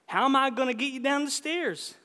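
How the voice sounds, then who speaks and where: A man's voice: very high-pitched, fairly quick, in a large hall, voice pushed up. A man voicing a dry, detached country boy. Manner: flat, dry, offhand.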